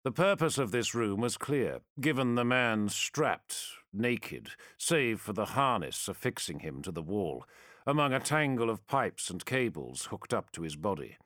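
A man's voice: lowish voice, sing-song, a bit bright, no echo, studio quality. Man narrating a dramatic audiobook. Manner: dramatic, measured storytelling.

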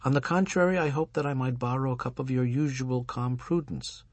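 A man's voice: medium pitch, fairly even intonation, dry recording, pitched above the performer's own voice, natural voice. A man voicing an older rabbi and husband, stern and commanding, speaking in a lofty, preaching manner. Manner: lofty, preaching, slow on emphasis.

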